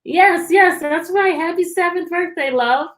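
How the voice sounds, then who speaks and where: A woman's voice: extremely high pitch, a little slow, a bit bright. A woman teacher hosting a live-streamed storytime from her computer at home, cheerfully greeting children by name.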